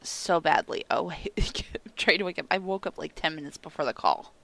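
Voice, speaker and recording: A woman's voice: low voice, a little fast, creaky, a bit bright. Groggy, giggly woman just out of bed. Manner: giggly, chatty. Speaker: podcast co-host. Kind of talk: casual chat. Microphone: headphones on, home setup.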